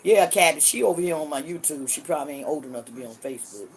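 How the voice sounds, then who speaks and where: Sixty-ish lady on a livestream, lower-pitched voice, going off on folks in AAVE, loud then muttering low. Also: lively intonation, fast talker, breathy edge. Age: 60s. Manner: loud, cursing, trash-talking, swings between hollering and low muttering. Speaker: livestream host. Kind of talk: livestream chat answering viewers.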